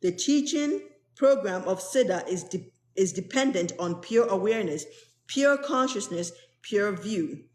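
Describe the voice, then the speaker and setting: A woman's voice: mid-range voice, lively intonation, a little slow, a little mellow. A woman who is a spiritual teacher, reading aloud from a spiritual text to an online group and explaining each passage in plain, earnest words. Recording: roomy echo.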